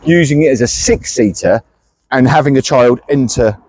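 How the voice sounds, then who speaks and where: A man's voice: mid-range voice, normal speed, a little mellow, slight background noise. A man hosting a car walkaround, joking and teasing his co-host in playful banter.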